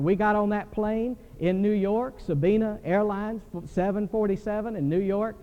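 An older man preaching a sermon in a church, animated and telling stories. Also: high-pitched, normal speed. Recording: dull recording with long hall reverb.

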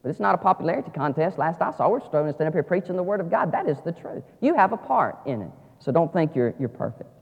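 A man preaching a sermon, shifting between quiet storytelling and loud, fervent exhortation. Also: on the high side, big pitch swings, fast talker, vocal fry, hardly any pauses, breathy edge, big-room sound, muffled recording. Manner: swings from hushed reading to loud fervent preaching. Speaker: pastor.

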